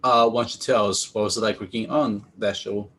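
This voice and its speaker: A man's voice: lowish voice, steady tone, fairly quick, a bit bright, breathy edge. A man hosting an interview in an easygoing way, laughing along with his guest and asking questions. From United States. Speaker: interview host. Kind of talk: casual interview chat.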